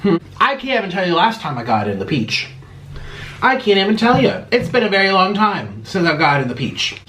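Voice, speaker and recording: A man's voice: high-pitched, big pitch swings, quick pace, bright, forceful tone, slight background noise. A man who talks casually to the camera as he eats, naming each dish, humming and moaning over the food. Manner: chatty, talks while eating, moans and hums over food. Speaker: mukbang video creator. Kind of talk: casual eating video talk.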